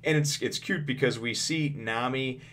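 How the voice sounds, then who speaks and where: A man's voice: medium pitch, normal speed, a bit bright. A man hosting a casual comic review, rambling with lots of fillers and restarts and laughing often. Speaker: host.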